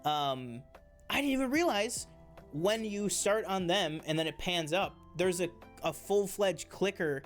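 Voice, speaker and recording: Man, casual review chat, slightly high voice, rambling with fillers, faint background music. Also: animated, unhurried. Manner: enthusiastic, rambling with many fillers and restarts. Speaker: co-host of a TV review show.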